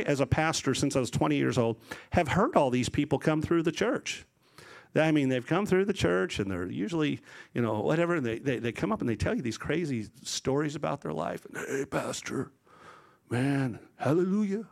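Animated male pastor preaching. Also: a little high, a little fast, creaky. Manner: animated storytelling, acts out voices. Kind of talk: sermon.

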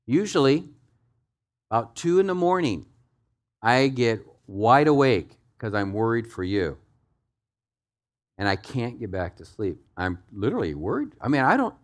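A man's voice: very animated, measured pace, pauses often. Male pastor, mid-range voice, emphatic sermon delivery with big swings in volume, guides the congregation through the text. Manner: emphatic, swings between soft low asides and loud raised exhortation.

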